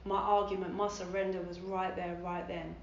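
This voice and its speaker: A woman with a London accent tells her recovery story at a meeting in a frank, animated way, swearing freely and acting out the voices of the people in it. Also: lowish voice, normal speed, reverberant, dull audio, slight background noise. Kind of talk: personal recovery testimony at a meeting. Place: meeting hall.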